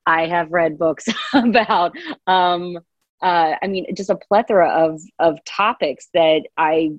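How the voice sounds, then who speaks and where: A woman's voice: fairly low pitch, takes it slowly, no room sound. A woman, an audiobook narrator, chatting expressively as a guest and laughing easily. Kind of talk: casual interview chat. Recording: dull dry lo-fi sound.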